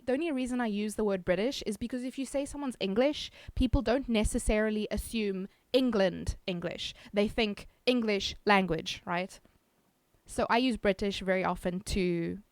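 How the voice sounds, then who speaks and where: A South African woman streamer reads viewer messages in a casual chat, giggling and teasing herself. Her mid-range voice moves at a normal speed, and the recording is dry.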